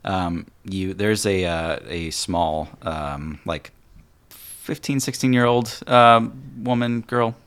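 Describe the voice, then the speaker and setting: A man narrating as game master, halting with fillers and laughs. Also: low-pitched, fairly bright tone, clear, resonant tone.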